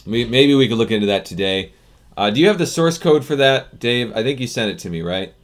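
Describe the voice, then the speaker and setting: A man's voice: medium pitch, expressive, brisk. An American man casually chatting on a live stream, answering viewer comments into a desk mic with loose restarts. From United States. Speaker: software developer streaming live. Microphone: desk microphone.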